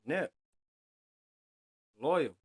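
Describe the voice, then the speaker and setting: A man's voice: very slow, a little mellow. A man holds forth alone on his podcast, swearing freely and leaning on street slang. He lectures his listeners in a blunt, preachy way, hammering each point home. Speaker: podcast host. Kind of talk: solo podcast monologue.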